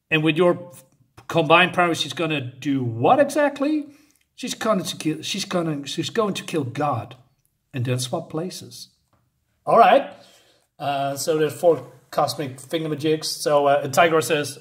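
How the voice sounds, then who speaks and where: A man casually recapping a comic issue, halting often with fillers and unsure asides. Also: fairly high pitch, fairly bright tone. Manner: hesitant, many fillers and restarts, unsure asides. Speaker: comic book reviewer.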